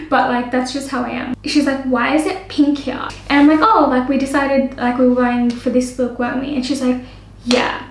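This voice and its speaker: Animated young woman telling a storytime. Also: high-pitched, roomy sound, slight background noise, poor audio. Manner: animated, acts out both sides with frequent "like". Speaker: makeup artist and vlogger. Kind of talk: storytime vlog.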